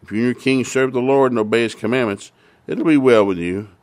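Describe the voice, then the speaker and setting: A man's voice: medium pitch, fairly quick, a little mellow. A man preaching a sermon, retelling a Bible story and then pressing its lesson with earnest, repeated emphasis. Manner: earnest, repetitive emphasis, rising to fervent.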